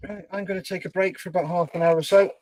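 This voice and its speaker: High-voiced chatty male stream host. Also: fairly even intonation, fast talker, a little mellow. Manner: chatty, reading out viewer names. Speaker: livestream host. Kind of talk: casual chat on a modelling stream.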